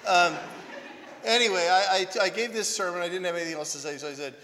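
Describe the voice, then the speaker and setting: Chatty priest in an echoing hall. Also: male voice, fairly high pitch, steady tone, fast talker, pushed and bright. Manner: self-deprecating, conversational storytelling with frequent "right?". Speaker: priest and monk. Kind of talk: anecdotal sermon talk.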